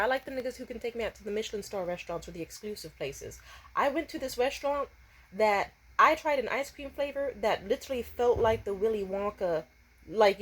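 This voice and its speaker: Profane, animated young woman ranting. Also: mid-range voice, slightly rough. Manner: profane, animated, breaks into exaggerated voices for quotes. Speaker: storytime vlogger. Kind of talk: casual storytime rant.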